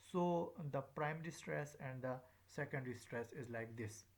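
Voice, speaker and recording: A man's voice: mid-range voice, normal speed. A man giving a recorded lecture as a teacher, speaking in a hesitant way with many filler sounds.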